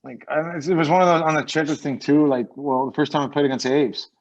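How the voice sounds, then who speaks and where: A man's voice: a little high, fairly even intonation, fast talker. A man, a former pro hockey player, telling loose, rambling stories as a podcast guest, swearing freely and acting out what others said. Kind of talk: casual podcast storytelling. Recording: dull lo-fi sound.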